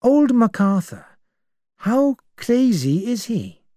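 A man's voice: very high voice, very animated, slow pace, warm tone, no echo, clean studio sound, pitched above the performer's own voice, heavily acted. A man voicing a worried male doctor in a story reading, lifting his voice.

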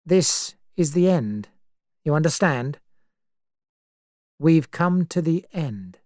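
A woman narrator voicing a cold, dangerous man who speaks slowly and menacingly, in a story reading. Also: deep voice, expressive, warm tone, no room sound, clean studio sound. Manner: slow, dangerous.

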